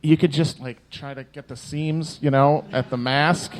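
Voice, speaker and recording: A man joking around in live-show banter. His voice sits a little high for a man. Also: steady tone, measured pace. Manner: joking, riffing.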